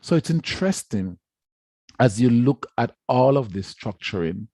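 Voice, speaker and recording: A man's voice: mid-range voice, animated, unhurried, mellow, no echo, studio quality. A man giving a formal lecture on education, speaking emphatically and repeating words to stress his points. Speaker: education researcher giving a talk.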